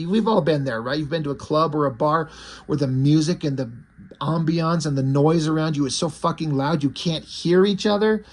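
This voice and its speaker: A man reviewing a comic book in casual talk, retelling the plot with excitement, swearing freely and acting out the characters' lines. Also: a little high, slightly rough.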